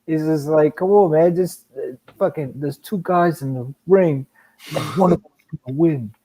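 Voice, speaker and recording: A young man hosting a loose boxing chat, his voice sitting a little higher than most men's. He talks in an animated, profane way and slips into mocking impressions of others. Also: normal speed, breathy edge. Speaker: podcast host.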